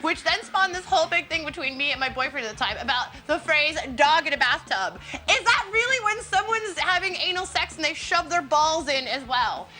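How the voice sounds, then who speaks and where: Very high-pitched bubbly American woman host. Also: bright, forceful tone. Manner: giggly, crude, rambling. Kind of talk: casual presenting.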